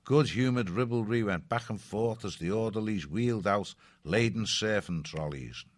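A man narrating an audiobook in a steady, descriptive way. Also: lowish voice, moderate pace.

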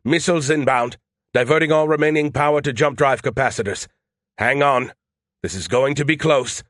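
Calm shipboard AI, clipped reports, voiced by a male narrator. Dry studio read. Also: mid-range voice, moderate pace, no echo, natural voice. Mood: strained. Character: calm artificial intelligence running a starship.

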